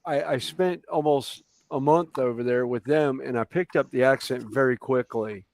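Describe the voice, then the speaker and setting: A man with a Southern American accent telling animated anecdotes in a casual group chat, running his words together. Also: medium pitch, moderate pace. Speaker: panelist, Renaissance festival performer.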